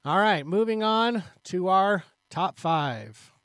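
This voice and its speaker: A man's voice: sits high, animated, takes it slowly, fairly bright tone, smooth, no echo. Chatty man co-hosting, dry sound. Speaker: podcast co-host. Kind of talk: casual chat.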